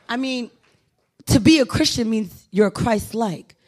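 A woman with a fairly high, animated voice preaches at an unhurried pace. She's a pastor whose sermon starts conversational and self-deprecating, full of playful asides, before building into urgent exhortation.

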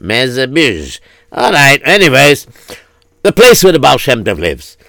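A man's voice: medium pitch, huge pitch swings, moderate pace, vocal fry, fairly bright tone, no echo. A man telling a comic folk story in a rambling, chatty way.

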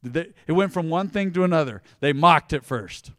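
High-voiced man preaching a sermon. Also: animated, normal speed, dry recording, studio quality. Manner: emphatic, conversational preaching, swinging between loud and hushed. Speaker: pastor.

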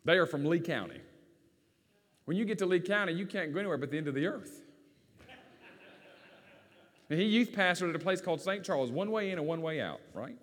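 A country-accented pastor preaches a sermon in a relaxed, folksy storytelling style. His voice sits a little higher than most men's. It rings with the long reverb of a church sanctuary. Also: brisk, pauses often. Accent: rural Virginia.

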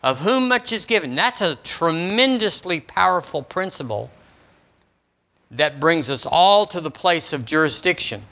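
Man, pastor, lively swooping preaching voice, bright. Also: on the high side, a little slow. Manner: animated preaching, quizzes the congregation. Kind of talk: sermon. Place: church service.

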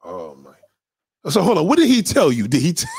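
Man, host, lively intonation, husky, dry sound, incredulous questions, exclaims often. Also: on the high side, moderate pace, no echo. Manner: reacts with frequent exclamations. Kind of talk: casual interview.

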